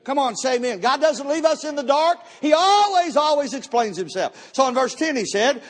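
High-voiced preacher in a hall. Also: male voice, expressive, normal speed, few pauses. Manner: storytelling, emphatic, repeats words. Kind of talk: sermon. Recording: long church hall reverb.

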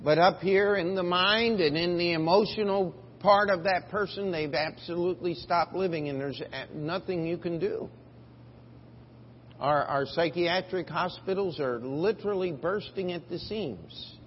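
High-voiced man preaching slowly. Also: in a large hall, highs cut off, a little hiss or hum. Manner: emphatic preaching, rising for scripture quotes. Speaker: pastor. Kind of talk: sermon. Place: church sanctuary.

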